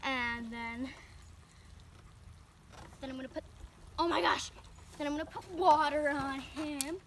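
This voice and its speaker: A woman's voice: high voice, measured pace, a little hiss or hum. A woman vlogging casually outdoors while washing her dog, chatting to viewers with rambling asides. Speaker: pet vlogger. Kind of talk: casual vlog talk to camera.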